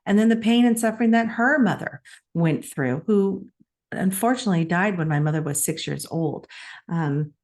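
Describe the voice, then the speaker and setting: A middle-aged woman with a slightly low voice tells a personal story in an earnest, reflective way. She co-hosts a conversational podcast and often laughs between emotional moments. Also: animated, normal speed, darkish tone. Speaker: podcast co-host.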